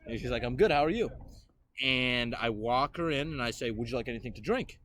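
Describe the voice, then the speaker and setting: A man's voice: medium pitch, expressive, a little fast, a bit bright. A young man hosting a podcast, telling a story casually and laughing as he acts out quotes. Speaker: podcast host.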